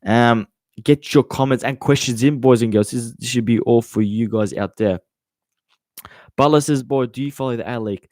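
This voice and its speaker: This teenage podcast host, a nineteen-year-old Australian, is hot and sweaty as he runs a casual live Q&A, rambling, swearing liberally and addressing listeners as mate. He speaks at normal speed in a mid-range, slightly mellow voice with no room sound.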